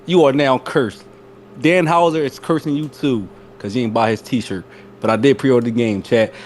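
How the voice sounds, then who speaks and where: A man's voice: mid-range voice, moderate pace, darkish tone, slight background noise. A man co-hosting a casual wrestling podcast, teasing the others in playful banter. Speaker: podcast co-host.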